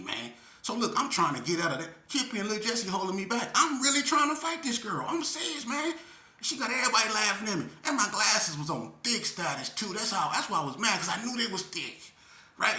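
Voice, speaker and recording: Man storytelling casual, lively then quiet and sad, roomy echo. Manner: animated, drops low and slow when grieving. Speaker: storyteller vlogger. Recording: echoey room.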